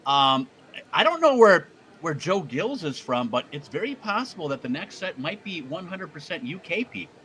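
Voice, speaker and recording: A man's voice: fairly high pitch, big pitch swings, moderate pace, a bit bright. A man co-hosting a casual live-stream show, joking and often stumbling over repeated words. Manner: jokey, stammers and repeats words. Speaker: co-host.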